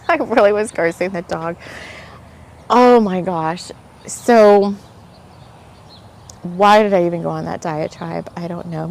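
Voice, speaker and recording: A woman hosting a spiritual podcast, telling stories in a rambling, animated way with lots of fillers and laughs. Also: mid-range voice, gravelly. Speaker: podcast host. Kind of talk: casual spiritual podcast chat.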